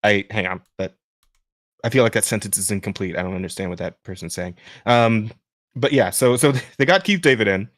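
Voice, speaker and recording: A man hosting a podcast in casual chat with a smooth voice. He rambles with many restarts. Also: on the low side, a little fast, no echo, studio quality. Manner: rambling, many restarts and fillers, laughs while talking. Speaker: podcast host.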